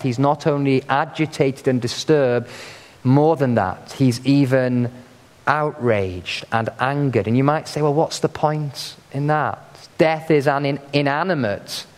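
A man's voice: medium pitch, darkish tone. A man preaches in an earnest, emphatic way, and his voice sits in a middle register. His words ring out with a long hall reverb, the sound of a church. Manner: earnest, emphatic, building to stressed peaks. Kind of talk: sermon.

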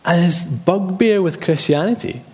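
A man's voice: sits high, unhurried, a little mellow, long reverb tail. A man preaching a sermon emphatically, repeating key phrases and telling personal stories.

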